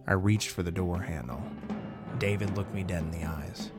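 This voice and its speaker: A man narrating a first-person horror story in a measured, dramatic way. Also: low-pitched, lively intonation. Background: faint background music.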